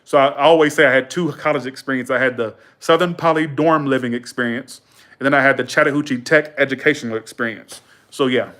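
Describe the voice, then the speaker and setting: A man with a voice of ordinary pitch hosts his own livestream. He rambles in casual, slangy talk and laughs often. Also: fairly even intonation, fast, fairly bright tone. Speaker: livestream host.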